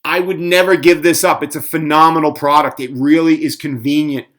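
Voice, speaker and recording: A man's voice: fairly high pitch, steady tone, fairly quick, a bit bright. A middle-aged man ranting sarcastically in a casual home cooking vlog. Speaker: fitness vlogger. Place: home kitchen.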